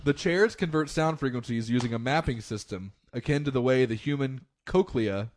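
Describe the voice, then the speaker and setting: A man's voice: mid-range voice, normal speed. A man co-hosting a podcast, reading out news stories with dry, teasing asides. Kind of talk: casual banter and news reading.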